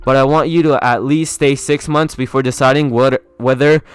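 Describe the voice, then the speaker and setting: A man's voice: medium pitch, steady tone, moderate pace, clean tone, natural voice. A man voicing an older woman village leader who pleads earnestly. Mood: pleading.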